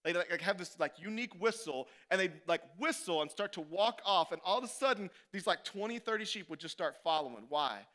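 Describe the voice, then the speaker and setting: A man preaching a sermon as pastor, animated and conversational, swinging from loud to hushed. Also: high voice, brisk, hardly any pauses. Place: church.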